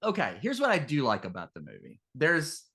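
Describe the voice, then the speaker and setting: Podcast co-host, male, lively pitch, laughs a lot, picky critic. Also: a little fast, vocal fry, slightly rough. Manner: animated, laughing often, critical. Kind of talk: casual film discussion.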